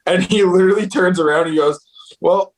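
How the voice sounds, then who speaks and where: A man's voice: on the high side, moderate pace, low-quality recording. A young man, a booking agent, casually telling road stories, profane and laid-back, laughing along. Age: young adult. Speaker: guest, concert booking agent. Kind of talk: casual storytelling.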